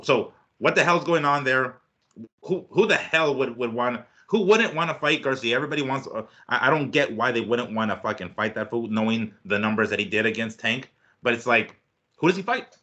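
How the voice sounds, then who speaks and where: A man's voice: mid-range voice, fairly quick, sharp tone. Rambling, profane boxing podcast man. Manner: rambling, profane, full of restarts. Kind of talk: casual sports chat.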